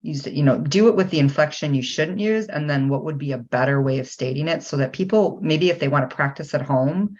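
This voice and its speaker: A woman's voice: low-pitched, brisk, few pauses, darkish tone. A woman hosting a podcast, chatty with lots of fillers as she asks questions. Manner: chatty, many fillers, quotes voices in stories. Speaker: podcast host. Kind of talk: podcast interview. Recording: slightly dull lo-fi sound.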